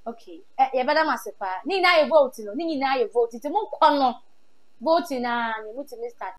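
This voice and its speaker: High-voiced Ghanaian woman interviewer. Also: brisk. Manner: lively, repeats answers back, mixes in English. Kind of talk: on-the-spot talent show interview.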